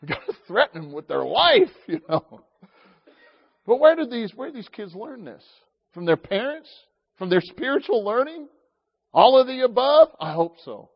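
Animated, high-voiced preacher man. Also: normal speed, gravelly, slightly rough. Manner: animated, folksy storytelling with asides to the congregation. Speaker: pastor. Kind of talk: sermon. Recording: slightly dull lo-fi sound.

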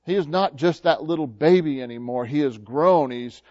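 A man's voice: fairly high pitch, moderate pace, highs cut off. A male pastor preaching a sermon in a folksy, conversational way, often restarting and filling with "uh" and "you know.". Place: church.

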